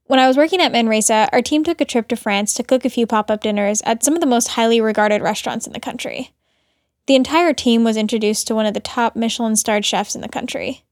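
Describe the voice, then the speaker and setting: A woman who hosts a podcast and works as a cook, narrating in a measured, reflective way. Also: on the high side, dry recording, studio quality.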